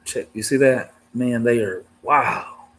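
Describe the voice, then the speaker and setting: A man's voice: mid-range voice, takes it slowly, a bit bright. A married man chatting casually to his viewers as a reptile keeper, with a laid-back, slangy way of talking full of "dude" and "man". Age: adult, married. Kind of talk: casual rambling chat to viewers.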